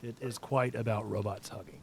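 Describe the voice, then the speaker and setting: A man's voice: lowish voice, steady tone, a little fast, creaky, slight background noise. A man streaming a video game, chatting casually and playfully talking to the creatures in it. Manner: playful, talks to the game creatures and reads chat. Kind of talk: casual gameplay commentary.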